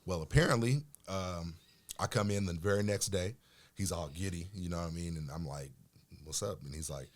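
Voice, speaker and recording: A middle-aged man from Oklahoma, a podcast guest telling casual, animated stories about his football days. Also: deep voice, normal speed. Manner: animated storyteller, acts out quoted voices. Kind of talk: casual storytelling chat.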